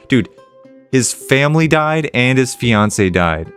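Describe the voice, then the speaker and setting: A man's voice: mid-range voice, animated, slow, a bit bright, clear, resonant tone. A man casually commenting aloud while he plays a game. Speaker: let's play gamer. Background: game music.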